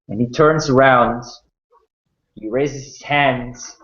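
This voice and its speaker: A man running a tabletop game, narrating slowly and dramatically with small restarts. His voice sounds roomy and a little dull. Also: mid-range voice, a bit bright. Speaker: game master.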